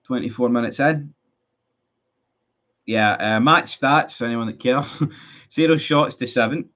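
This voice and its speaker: A man's voice: mid-range voice, unhurried, fairly bright tone, lo-fi sound. A Scottish man streaming a live football watchalong, chatting with his viewers, frustrated and sweary about his team. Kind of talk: live match watchalong commentary.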